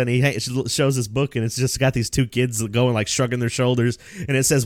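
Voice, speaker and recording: A young man co-hosting a casual podcast, telling profane, animated stories and laughing often. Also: medium pitch, normal speed, no room sound, studio quality. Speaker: podcast co-host.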